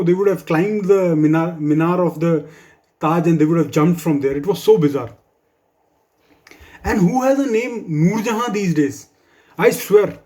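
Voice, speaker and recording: Man, stand-up comic, mellow tone, slightly high voice, dry asides. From India. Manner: wry, dry humor with asides. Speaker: stand-up comedian. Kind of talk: stand-up comedy set for office colleagues.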